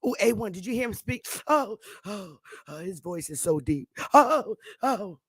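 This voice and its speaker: A woman voicing a gushing older female fan in a chat room, sighing breathlessly over a man's deep voice. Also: expressive, measured pace, breathy edge, no echo, clean studio sound. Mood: swooning.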